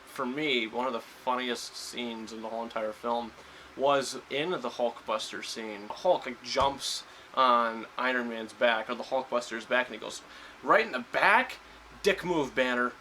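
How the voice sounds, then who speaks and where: A man's voice: medium pitch, fairly even intonation, measured pace, pushed and bright, a little hiss or hum, poor audio. A man giving a casual spoiler review of a film, rambling with lots of fillers and restarts. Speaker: movie reviewer.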